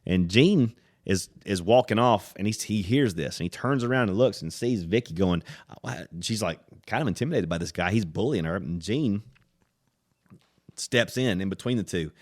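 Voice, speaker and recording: A man from the United States, hosting a podcast and animatedly telling a travel story in casual chat. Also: moderate pace. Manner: animated storyteller, acts out voices with loud high-pitched impressions. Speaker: podcast host.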